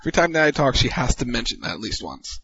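A man's voice: medium pitch, big pitch swings, quick pace, a bit bright, slight background noise. A man co-hosting a casual wrestling podcast, matter-of-fact and wry. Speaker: podcast co-host. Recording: dull dry lo-fi sound.

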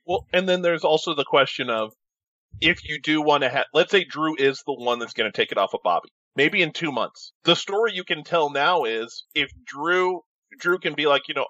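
A man talking through wrestling storylines on a podcast, thinking out loud. His voice is bright and a bit muffled, close and dry with no room. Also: a little high, animated, normal speed, no room sound. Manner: thoughtful, speculative storytelling. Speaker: podcast co-host. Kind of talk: casual wrestling analysis chat.

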